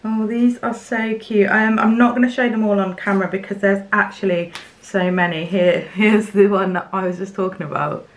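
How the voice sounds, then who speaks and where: A young woman from England unboxing gifts in her home craft studio, chatty and excitable, with fillers and little laughs. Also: medium pitch, moderate pace, few pauses. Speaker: craft vlogger. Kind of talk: casual unboxing chat to camera.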